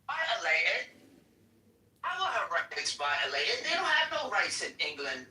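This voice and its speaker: A man hosting a casual livestream, talking in an excitable, rambling way. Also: high voice, unhurried. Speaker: stream host. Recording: roomy, distant, music behind.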